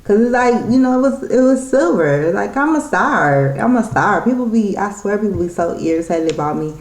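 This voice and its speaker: A woman's voice: mid-range voice, lively intonation, moderate pace, a little mellow, roomy sound. A woman telling a story in a casual vlog, rambling and irritated, with many restarts. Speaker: vlogger.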